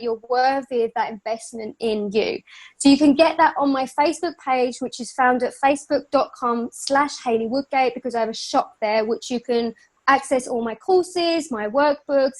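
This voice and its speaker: A woman's voice: high voice, a little mellow. A woman from Northern Ireland with a Northern Irish accent, a life coach speaking earnestly and emotionally as a guest over a video call.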